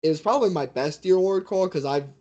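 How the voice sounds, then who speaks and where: A man who works as a fight commentator, telling stories as a guest in a casual interview with a mid-pitched voice. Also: quick pace, muffled recording. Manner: animated storyteller.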